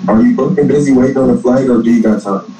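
A man's voice: mid-range voice, fast, warm tone, soft background music. A man hosting a live stream, teasing and trolling as he repeats his questions again and again. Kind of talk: heated argument. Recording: echoey and distant.

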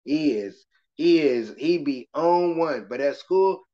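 A man who teaches kindergarten, speaking as a guest in a casual interview and telling stories with lively acted-out voices. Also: fairly high pitch, slow. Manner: animated storytelling, slips into voices of kids and adults. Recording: muffled lo-fi podcast audio.

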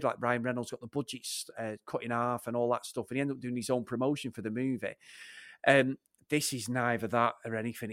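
A man's voice: medium pitch, dry recording, clean studio sound. A man with a Northern English accent, co-hosting a podcast and bluntly ranting about a film in casual, sweary chat. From Northern England. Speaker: podcast co-host.

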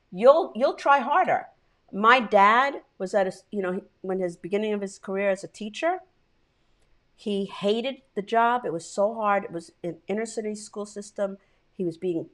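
A woman co-hosts a relaxed podcast chat at a middling pitch. She tells her stories with heartfelt emphasis and plenty of swearing. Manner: profane, heartfelt storytelling. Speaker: podcast co-host. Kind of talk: casual chat.

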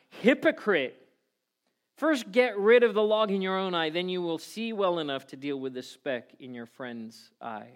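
A middle-aged male pastor delivering a sermon to his church. His voice sits a bit high for a man, and he is animated, slipping into little acted voices as he tells stories. He speaks like a man addressing a congregation.

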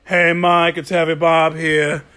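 A man's voice: fairly high pitch, little pitch movement, unhurried, sharp tone. A man doing a pushy, rambling voicemail caller. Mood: pestering. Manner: rambling, persistent, chatty. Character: pushy, oblivious male caller leaving a voicemail. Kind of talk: comedy voicemail sketch.

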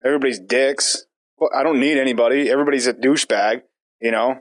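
A man's voice: medium pitch, fairly even intonation, fast talker, no echo. A man in his thirties hosting a podcast, casual chat with crude jokes and frequent laughs. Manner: laughs often, crude joking. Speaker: podcast host.

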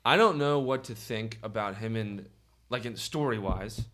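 A man co-hosting a podcast, talking about films in casual chat, blunt and sarcastic, quick to push back. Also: on the low side, a bit bright. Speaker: podcast co-host. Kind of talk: casual film discussion.

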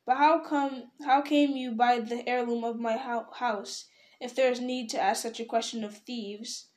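A woman's voice: fairly high pitch, fairly even intonation, unhurried, echoey room, natural voice. A woman reading aloud, voicing a proud, wrathful male dwarf king who raises his voice in anger. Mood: stern. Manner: loud, angry outbursts.

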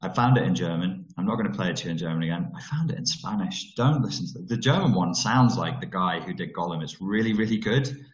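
A man's voice: sits low, lively intonation, fast talker, hardly any pauses, echoey room, muffled recording. A man talking frankly over a video call about trauma recovery, digressing and restarting his sentences. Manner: candid and digressive, with frequent restarts.

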